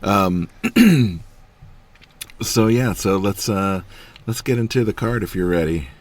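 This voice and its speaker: A man in his thirties co-hosting a wrestling podcast in casual chat, filling pauses with ums and laughing easily. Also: lowish voice, expressive. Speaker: podcast co-host.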